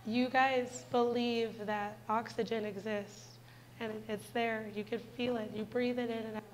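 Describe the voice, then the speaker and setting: A woman's voice: on the high side, steady tone, measured pace, slight background noise, poor audio. A woman in her twenties giving a heartfelt personal testimony in a church, speaking earnestly and directly to the congregation. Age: 20s.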